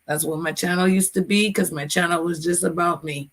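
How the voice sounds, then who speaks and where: A woman's voice: lowish voice, steady tone, a little fast. Chatty emotional woman livestreaming. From United States. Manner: emotional, chatty, gives shout-outs to chat. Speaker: livestream host. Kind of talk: casual livestream chat.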